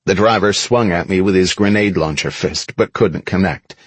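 A man narrating an action story in the first person as an audiobook, dramatic and expressive. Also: low voice, moderate pace, slightly rough, dry recording.

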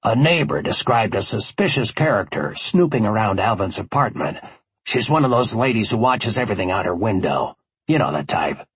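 A suspicious police detective who scolds with dry sarcasm, as voiced by a male narrator. The voice is low and husky, and the pitch moves a lot. It is recorded close and dry. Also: sing-song, normal speed, no echo. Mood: scolding. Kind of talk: audiobook character voice.

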